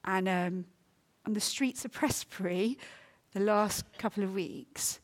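A woman's voice: mid-range voice, takes it slowly. A middle-aged woman from England preaching a sermon in church, telling personal stories in an earnest, emotional way with many fillers.

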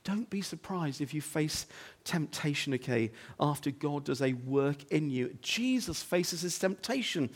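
Animated and pitched slightly higher than most men, a male pastor delivers a sermon in his church as if chatting with the congregation, using rhetorical questions and frequent "okay?" checks. He drops to quiet, low passages before rising to loud, forceful ones.

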